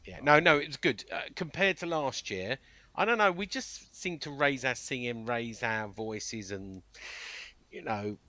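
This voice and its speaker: A man's voice: mid-range voice, expressive, a little slow, sharp tone, no room sound. A man co-hosting a casual football fan podcast, rambling with restarts and trailing off as he talks. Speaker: podcast co-host and news editor.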